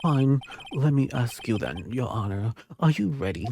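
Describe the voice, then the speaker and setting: A man voicing a cool, scornful prosecutor who speaks slowly and cuttingly. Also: mid-range voice, lively intonation, warm tone, slight background noise, close to an everyday voice.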